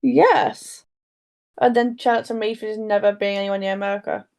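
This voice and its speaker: Girl hosting a true crime pod, chatty, rambly, kinda fry-ish voice. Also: medium pitch, flat delivery, very fast, darkish tone. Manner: rambling, self-interrupting storyteller. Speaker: podcast co-host. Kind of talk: casual true crime podcast chat.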